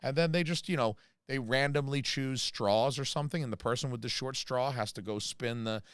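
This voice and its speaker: A man's voice: medium pitch, brisk, smooth, dry recording. An American man hosting a casual livestream, rambling through jokey asides and reading chat messages. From United States. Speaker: channel host reading live chat.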